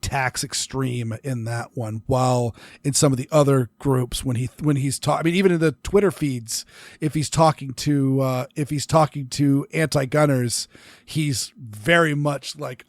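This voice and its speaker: A man's voice: mid-range voice, fairly even intonation, no echo. A man co-hosting a casual podcast chat, rambling with restarts and laughing often. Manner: rambling, self-interrupting, quick to laugh. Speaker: podcast co-host.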